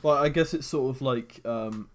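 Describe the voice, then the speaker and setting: A man's voice: mid-range voice, moderate pace. A man co-hosting a podcast, rambling casually with lots of fillers and swearing. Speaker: podcast co-host. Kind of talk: casual chat.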